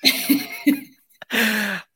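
A woman's voice: mid-range voice, wildly swooping pitch, very slow, bright, forceful tone. A woman with an Irish accent, a rugby player and coach, chatting casually as a podcast guest with many fillers. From Ireland.

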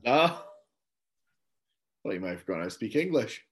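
A man co-hosting a football podcast, chatting in a relaxed, rambling way with lots of fillers. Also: low-pitched, fairly quick. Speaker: podcast co-host. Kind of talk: casual chat.

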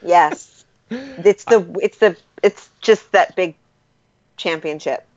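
A woman's voice: lowish voice, lively intonation, takes it slowly, a little mellow. A woman co-hosting in casual banter, playful and joking, laughing often. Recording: dull lo-fi sound.

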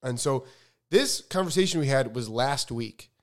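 A young man co-hosting a podcast in relaxed, rambling casual chat. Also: mid-range voice, moderate pace. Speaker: podcast co-host.

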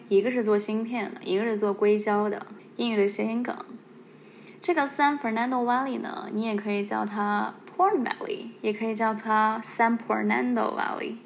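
A woman's voice: mid-range voice, fairly even intonation, moderate pace, slight background noise. Casual woman podcast host. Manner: conversational, explanatory, playful asides.

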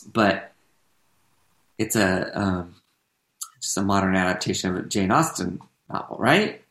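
A man's voice: fairly low pitch, fairly bright tone. A man chatting casually as a podcast co-host, rambling with many fillers and restarts. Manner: rambling, full of fillers and self-corrections. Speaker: podcast co-host and stage performer. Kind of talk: casual chat. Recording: echoey room.

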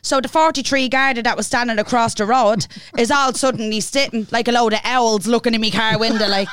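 A young Irish woman co-hosting a podcast, telling a story in a sweary, animated way and imitating the people in it. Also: a little high, a little fast, smooth. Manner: sweary, animated, playful impressions of others. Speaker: podcast co-host. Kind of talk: casual storytelling chat.

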